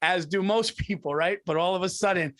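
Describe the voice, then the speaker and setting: Podcast co-host, middle-aged man, slightly high voice, animated profane ranting storyteller. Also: fairly quick. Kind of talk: casual comedic storytelling.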